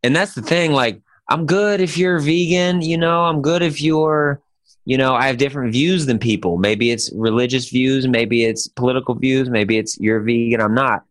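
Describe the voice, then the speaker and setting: A man co-hosting a podcast in casual chat, an animated, joking storyteller who keeps saying "dude". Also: mid-range voice, moderate pace, no room sound. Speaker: podcast co-host.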